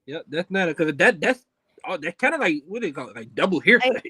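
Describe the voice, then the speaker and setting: Laid-back lady co-host, low husky voice, lively ups and downs. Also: fast, dry recording. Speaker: stream co-host. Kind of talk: casual commentary.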